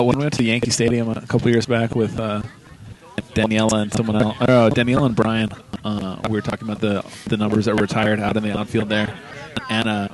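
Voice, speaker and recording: A man giving casual, joking play-by-play of an amateur kickball game outdoors, swearing and telling stories. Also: lowish voice. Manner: swearing, joking banter and storytelling. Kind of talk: casual play-by-play commentary with friends.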